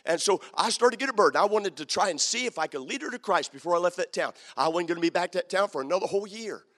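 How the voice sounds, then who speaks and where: A man preaching a sermon, telling a story that builds into fervent shouting. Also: high voice, lively intonation, fast talker, in a large hall.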